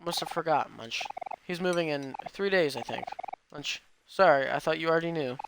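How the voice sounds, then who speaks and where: A man reading the lines of an energetic, cocky teenage boy, breaking in with munching sounds. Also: on the high side, normal speed, gravelly. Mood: eager. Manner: reads game dialogue aloud, says munch between lines. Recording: noisy recording.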